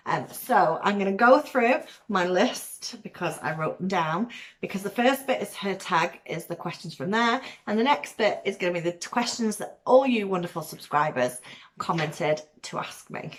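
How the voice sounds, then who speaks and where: A woman from Manchester with a softened Mancunian accent, chatting casually to camera as a vlogger, rambling with ums and laughs. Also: medium pitch, animated, moderate pace. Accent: weakened Mancunian, softened by years in Cornwall. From Manchester, England.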